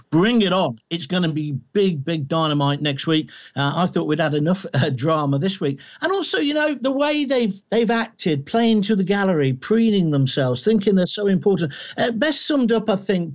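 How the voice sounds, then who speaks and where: Male guest from the Midlands, heated pundit, high voice, muffled lo-fi line. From English Midlands. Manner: combative, emphatic, ranting. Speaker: political commentator guest. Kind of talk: heated political commentary.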